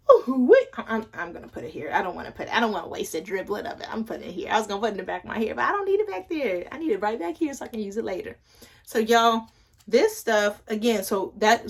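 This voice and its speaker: A young woman chatting casually at home as she reviews hair products, rambling with playful asides to her viewers. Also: medium pitch. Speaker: hair care vlogger.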